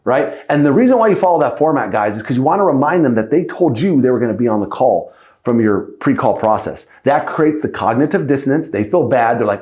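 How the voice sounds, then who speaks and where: A man teaching sales calls in a podcast lesson. He coaches in a lively way, checks in often with "right?" and "okay?", and acts out sample lines. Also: mid-range voice, fairly quick, reverberant. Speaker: sales trainer.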